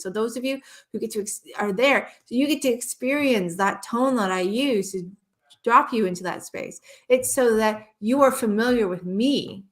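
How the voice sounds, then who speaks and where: A woman with a mid-range voice joins a live-stream conversation as a guest hypnotherapist. She speaks earnestly and passionately, often restarting her sentences.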